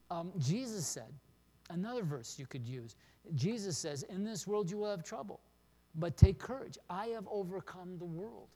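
A man's voice: fairly high pitch, a little mellow. A man preaching a sermon as pastor, earnest and encouraging, often asking his listeners questions. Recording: long hall reverb.

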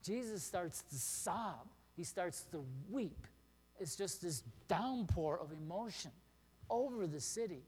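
A man's voice: high-pitched, expressive, slow pace, darkish tone, slightly rough. A man preaching a sermon as pastor, earnest and encouraging, often asking his listeners questions. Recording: long hall reverb.

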